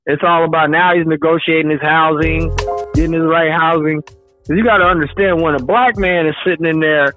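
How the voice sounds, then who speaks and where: A man calling in to a talk show, explaining things in a steady way. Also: fairly high pitch, fairly quick. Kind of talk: casual talk show chat. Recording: tinny phone line with music behind.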